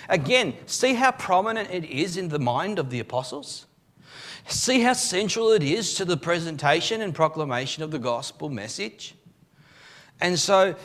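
A man, a pastor preaching a live sermon in church, telling the story with emphatic, animated delivery and frequent restarts. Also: high-pitched. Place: church service.

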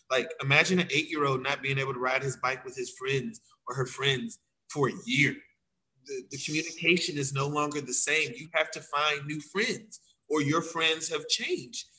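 Man dance teacher, casual chat, bright tense voice, slightly high, acts out quotes. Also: moderate pace, poor audio. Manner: animated, acts out quotes of himself and others. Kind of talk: casual conversation.

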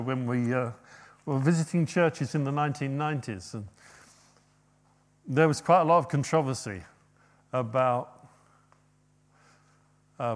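A man preaching a sermon, rising to loud, emphatic quoted passages and dropping to quiet asides. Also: medium pitch.

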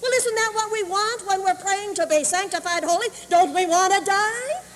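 High-voiced woman preaching in a hall. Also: normal speed. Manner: animated storyteller, acts out voices. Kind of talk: sermon illustration storytelling. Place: camp meeting hall. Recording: 1981 camp meeting tape, roomy hall.

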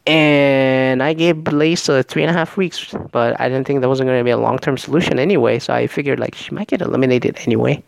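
A man casually recapping a reality show in a profane, sarcastic, animated rant. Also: mid-range voice, fairly quick, gravelly, few pauses, no echo.

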